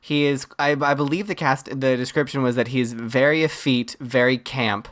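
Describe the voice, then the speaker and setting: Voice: mid-range voice, steady tone, moderate pace. A podcast co-host in a casual film chat, talking in long emphatic runs with acted-out asides.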